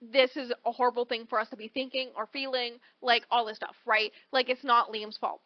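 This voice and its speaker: A woman's voice: on the high side, fairly quick, dry recording, muffled recording. A woman co-hosting a casual book podcast, summarizing a story animatedly and acting out the characters' lines. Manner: animated, acts out character quotes. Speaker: podcast co-host.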